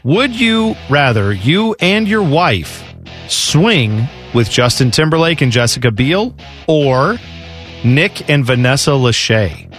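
A man's voice: medium pitch, big pitch swings, takes it slowly, a bit bright, faint music behind. A man co-hosting a sports radio show, chatting casually and reading out listener questions with frequent laughter.

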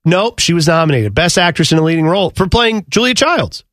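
A man co-hosting a casual chat show, rambling and animated, often jumping higher when flustered. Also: a little fast, dry recording, clean studio sound. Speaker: podcast co-host.

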